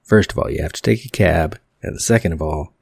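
A man's voice: deep voice, fairly quick, creaky, slightly rough, no echo, studio quality, exaggerated voice. A man reading aloud the lines of a smug, cynical TV weatherman in his thirties. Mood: sardonic.

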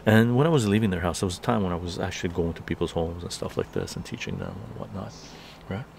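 Gravelly man ranting heatedly outdoors. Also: low voice, big pitch swings, fast, background noise. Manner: heated ranting, keeps tagging "right?". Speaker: live stream host. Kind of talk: casual political monologue. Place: outdoor patio garden.

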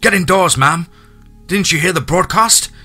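A man voicing an armed police officer in a horror story, shouting commands. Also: medium pitch, animated, brisk, slightly rough, faint music behind, pitched above the performer's own voice, full character voice. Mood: commanding.

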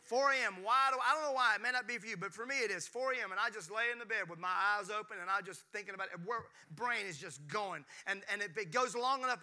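A man, preaching a sermon with jokes and calls to the congregation. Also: very high voice. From Mississippi, US. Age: 50s. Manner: preaching with call-and-response to the congregation; animated, jokes and playful asides. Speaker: pastor.

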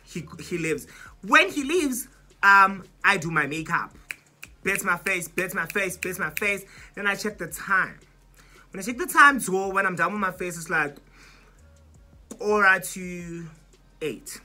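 A woman's voice: lowish voice, animated, a little slow, long pauses, sharp tone, soft background music. A young South African woman in her twenties with a South African accent, dramatically retelling a storytime vlog and mixing in isiZulu words. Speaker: YouTuber.

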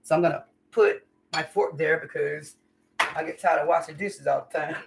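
A woman's voice: low-pitched, moderate pace, creaky, far from the mic, slight background noise. A woman chatting folksily to viewers during a live cooking stream in her home kitchen. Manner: folksy, chatty, calls viewers y'all and honey. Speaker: home cook livestreamer. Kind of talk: casual live cooking chat.

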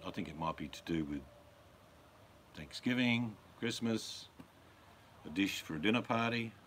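A deep, low-pitched middle-aged man hosting a casual stream, talking bluntly with crude jokes. A faint hiss sits under his voice. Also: lively intonation, a little slow, fairly bright tone. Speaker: host. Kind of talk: casual live-stream chat.

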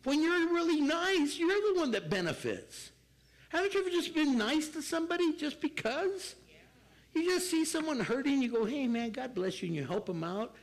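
An older man preaching as pastor, animated and acting out people in quick asides. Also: very high-pitched, rough recording. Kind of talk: sermon.

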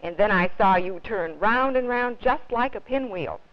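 A woman's voice: mid-range voice, expressive, normal speed, lightly acted. A woman doing a big hearty policeman. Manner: hearty, friendly. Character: big cheerful booming male policeman. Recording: dull lo-fi 1950s TV audio.

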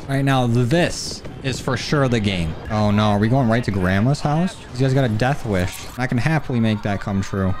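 A man giving casual, cocky commentary on his own gameplay as a gaming YouTuber, with faint music and game gunfire behind him. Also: mid-range voice. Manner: animated, cocky trash talk.

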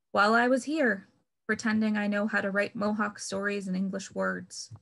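Woman with a gravelly reading voice. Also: medium pitch, fairly bright tone. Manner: measured, wry, pointed emphasis on key words. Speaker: author reading her novel. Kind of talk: reading fiction aloud.

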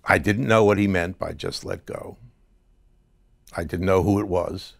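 A man guest in an interview, recounting a dream in a halting way with restarts. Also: low voice, steady tone, gravelly, no room sound, clean studio sound. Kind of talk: testimony interview.

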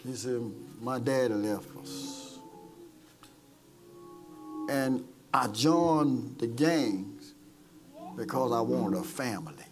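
A man preaching an impassioned sermon as pastor, calling people forward and retelling stories with acted-out quotes. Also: mid-range voice. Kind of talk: sermon with altar call. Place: church service.

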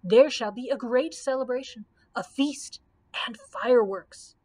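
Casting: woman reading as a pompous court schemer, slow and grand, storybook. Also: fairly high pitch, a little mellow, breathy edge. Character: scheming, self-important male chancellor.

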